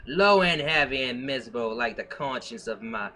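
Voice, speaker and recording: A man's voice: medium pitch, expressive, normal speed, pushed and bright. Man hamming up a noir reading. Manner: hammy noir narration with asides and self-corrections. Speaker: live streamer reading fan fiction aloud. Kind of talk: comic dramatic reading.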